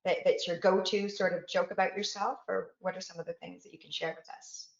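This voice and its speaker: A woman's voice: lowish voice, fairly even intonation, brisk, vocal fry. Woman, interview host, chatty, echoey room, lo-fi call audio. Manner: chatty, amused. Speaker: host, company president. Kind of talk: casual interview chat.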